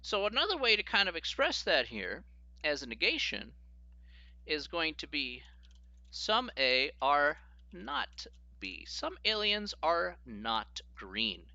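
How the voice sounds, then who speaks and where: A man's voice: on the high side, wildly swooping pitch, slow, bright, forceful tone, dry recording, muffled recording. A man teaching a live-streamed logic lesson, often laughing as he explains and reacts to viewer chat. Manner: giggly, keeps breaking into laughter while explaining.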